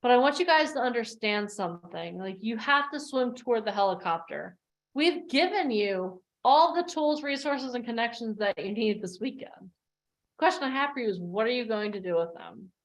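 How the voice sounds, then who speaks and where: A woman with a fairly high voice gives a motivational coaching talk over a video call. She tells stories with animated energy and acts out the voices of the people in them. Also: normal speed. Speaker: coach hosting an online workshop.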